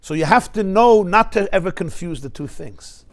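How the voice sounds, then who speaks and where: A man teaching a Torah class, emphatic and lively, weaving Hebrew quotations into his talk. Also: high-pitched, normal speed. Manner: emphatic, mixes Hebrew and Yiddish terms into English, acts out voices.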